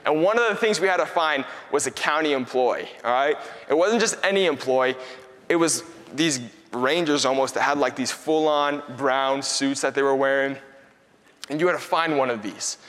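A young man preaching a sermon in a conversational, energetic way, acting out his own stories for the room. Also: on the high side. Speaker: pastor. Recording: long hall reverb.

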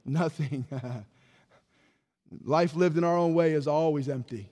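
A male pastor preaching a sermon to his congregation, reading scripture aloud and asking the room rhetorical questions, swinging between raised declarations and hushed asides. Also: a little high, normal speed. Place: church sanctuary. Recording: long reverb of a large hall.

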